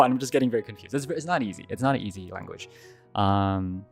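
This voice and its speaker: A young man talks rapidly over soft background music, hosting a casual Q&A livestream where he answers questions and tells animated stories. When he recounts moments of fear, his voice jumps to high yelps.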